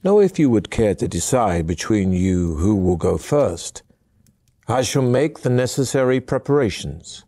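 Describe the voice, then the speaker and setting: A man voicing a cold, sneering male dwarf trial master with a deep voice in a fantasy video game, speaking in a formal, measured way. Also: sing-song, dark tone, no echo, studio quality.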